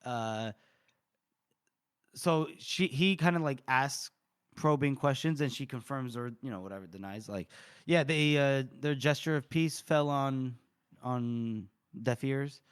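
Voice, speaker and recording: A man's voice: mid-range voice, unhurried, clean tone. A man co-hosting a podcast, recapping a novel's chapter in casual chat and briefly voicing the characters' lines. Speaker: podcast co-host. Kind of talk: casual book-discussion chat.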